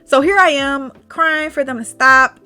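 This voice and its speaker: A woman's voice: high voice, measured pace, soft background music. A young adult woman hosting a podcast, telling a personal story candidly, laughing now and then and acting out the people she quotes. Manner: candid, laughs through dark memories, acts out quoted voices. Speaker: podcast host.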